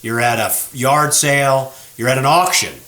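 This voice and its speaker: This man, a show host who owns a gunsmith shop, talks through a gun's flaws in a relaxed, explanatory way from his workroom. He speaks at medium pitch and an ordinary pace in a roomy-sounding space, staying lively and down-home as he calls his viewers folks.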